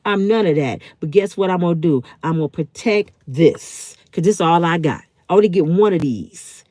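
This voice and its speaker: Heated fifty-something woman with a lively voice. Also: fairly low pitch, dry recording, studio quality. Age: 50s. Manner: heated, blunt and emphatic, swearing. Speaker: channel host. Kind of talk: live-stream commentary, answering chat.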